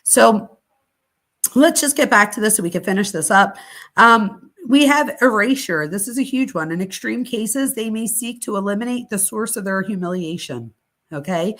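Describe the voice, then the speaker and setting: A woman's voice: mid-range voice, animated, normal speed, a bit bright. A middle-aged woman hosting a live psychology talk stream, speaking candidly and chattily with casual swearing. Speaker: host.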